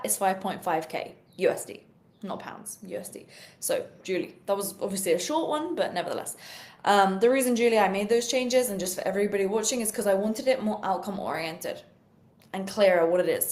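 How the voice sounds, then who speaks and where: A young woman with a British accent, chatting live to an online audience. She talks energetically and casually, full of "you know" and "like", as a social media sales coach. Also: mid-range voice. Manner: energetic, chatty, peppered with fillers. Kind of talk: live-stream talk to viewers.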